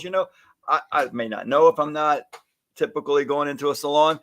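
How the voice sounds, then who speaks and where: A man's voice: medium pitch, brisk. A man co-hosting a casual chat about salon work, acting out little scenes as he talks. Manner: animated, acts out little scenes with voices. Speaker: podcast co-host, stylist educator. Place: home or studio, live stream.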